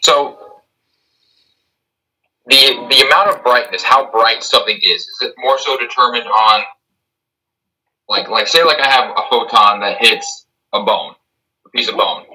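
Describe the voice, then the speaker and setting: Bright-voiced man asking a halting question. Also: mid-range voice, rough recording. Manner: halting, with repeated fillers. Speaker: student.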